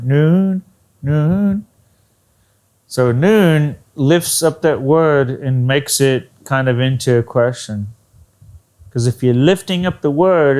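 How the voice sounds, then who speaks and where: A man explains English grammar unhurriedly, pausing to model phrases himself. His voice sits in a middle register. He lifts and repeats key words to demonstrate intonation. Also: medium pitch, clear, resonant tone. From Texas. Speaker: English teacher. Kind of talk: ESL lesson.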